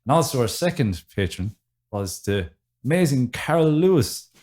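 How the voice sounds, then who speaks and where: A man with a Wexford Irish accent co-hosting a podcast in relaxed, chatty talk. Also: mid-range voice, moderate pace, slight background noise. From Wexford, Ireland. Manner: relaxed, chatty, laughs often. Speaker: podcast co-host. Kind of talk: casual chat. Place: indoors, in a house.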